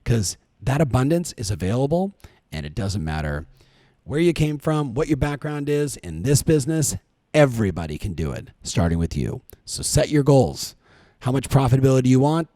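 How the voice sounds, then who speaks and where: Middle-aged male podcast host, warm and dry, energetic motivational coach. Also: mid-range voice, moderate pace, dry recording. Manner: energetic, coaching, asks rhetorical questions.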